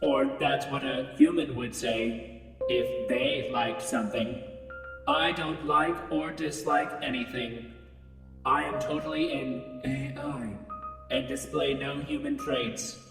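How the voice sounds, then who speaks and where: Man playing a sulky ship AI, deadpan, slow, high-ish, distant echoey hall. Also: over music. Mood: dismissive. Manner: deadpan, reads out punctuation aloud. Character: sulky male spaceship AI denying feelings. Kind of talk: scripted comedy audio.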